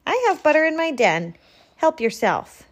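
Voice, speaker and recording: A woman's voice: high-pitched, very animated, moderate pace, highs cut off, voice pushed up. Woman reading as a generous female porcupine. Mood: friendly.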